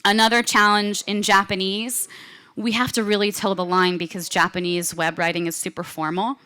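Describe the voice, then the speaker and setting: A woman's voice: mid-range voice, level tone, moderate pace, pushed and bright, clear, resonant tone. A woman giving a conference presentation in a casual, chatty way, often saying "like" and "you know". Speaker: conference speaker. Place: conference stage.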